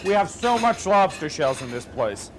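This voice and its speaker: A man's voice: fairly high pitch, sing-song, normal speed, over music. A man, a chef, talking bluntly at work and swearing freely. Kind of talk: kitchen chatter. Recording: kitchen noise behind the voice.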